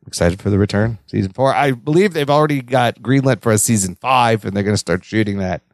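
Gravelly-voiced man hosting a podcast. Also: fairly low pitch, brisk, no echo, clean studio sound. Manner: laughs often, reads listener news. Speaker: podcast host. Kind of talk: casual podcast chat.

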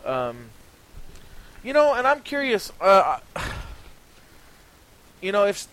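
A man hosting a relaxed gaming podcast reads out sales figures slowly, his high-pitched, fairly bright voice swooping wildly, with many ums and restarts. He is slightly hoarse from talking. The low-quality audio carries a faint hiss.

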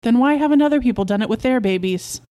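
A woman's voice: a little high, fast talker, dark tone, voice pushed up, lightly acted. A woman voicing an anxious, protective young mother who scolds her husband indignantly, in a storybook reading.

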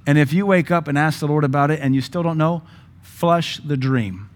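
A man preaching a sermon as pastor, emphatic and joking, with sudden louder bursts. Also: a little high, moderate pace.

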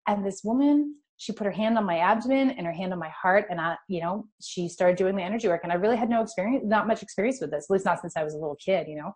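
A middle-aged woman from California, guest in an interview, telling a personal spiritual story in an animated, emotional way. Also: mid-range voice, quick pace, hardly any pauses.

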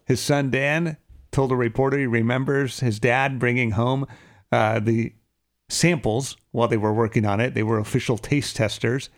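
A man's voice: medium pitch, fairly even intonation, normal speed. A man co-hosting a morning radio show, chatting casually and reading news items in a conversational way. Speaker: radio host.

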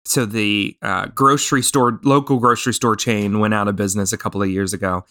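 A man's voice: lowish voice, fairly even intonation, fairly quick, sharp tone, no room sound, clean studio sound. A man hosting a podcast, chatting casually and telling stories with many restarts and fillers. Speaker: podcast host.

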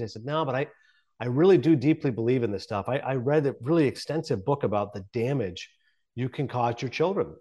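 A man's voice: mid-range voice, lively intonation, fairly quick, a little mellow. Male guest, 40s, broadcaster type, candid and reflective. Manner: earnest, reflective, many restarts. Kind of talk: conversational interview.

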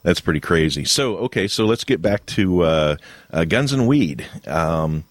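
Very deep-voiced, easygoing podcast host. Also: male voice, expressive, no echo. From Ohio. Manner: easygoing, halting, laughs often. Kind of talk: casual podcast conversation.

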